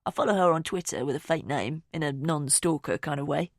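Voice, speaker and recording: A woman's voice: low voice, a little fast, no echo. A woman reading the part of a wry, gloomy young man in an audiobook, in a dry, darkly joking way. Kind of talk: audiobook character voice.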